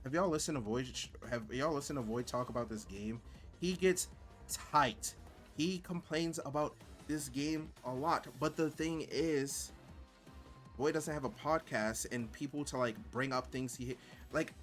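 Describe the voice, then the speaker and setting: A man's voice: mid-range voice, a little slow, faint music behind. A man streaming and commenting on gameplay in a rambling, exasperated way, full of filler words.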